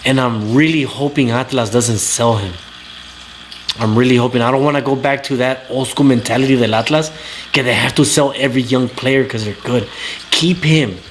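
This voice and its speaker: A man's voice: mid-range voice, moderate pace, a little hiss or hum. Ranting man. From Southern California. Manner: profane, blunt, ranting. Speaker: talk show host reading live chat. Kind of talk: casual livestream rant.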